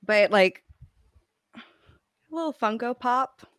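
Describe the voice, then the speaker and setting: A woman chatting casually as a guest on a video call, relaxed and giggly. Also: a little high, slow, clear, resonant tone.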